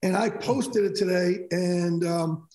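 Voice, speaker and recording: A man's voice: high voice, slow pace. A middle-aged man, a sports broadcaster guest, telling stories in a casual interview and acting out conversations in quotes. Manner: animated, re-enacts conversations in quotes. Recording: echoey room.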